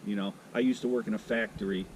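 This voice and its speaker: A man's voice: on the low side, steady tone, quick pace, noisy background. Rambling, jokey middle-aged man telling stories. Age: 50s. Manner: rambling, jokey, self-correcting. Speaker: vlogger. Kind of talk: casual storytelling vlog.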